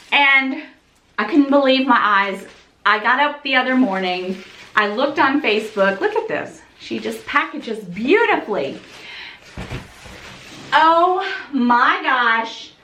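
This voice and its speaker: A woman's voice: high-pitched, bright, forceful tone, reverberant. A woman vlogger unboxing a gift, breathless and gushing, laughing and sighing between thrilled remarks. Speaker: fashion vlogger. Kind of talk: excited unboxing vlog.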